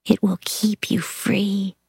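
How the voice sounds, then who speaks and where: A woman reading aloud voices a frail, tired old blind aunt who speaks in a weak, hushed voice. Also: mid-range voice, flat delivery, slow pace, creaky, husky, no room sound, clean studio sound, heavily acted. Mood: tired, encouraging.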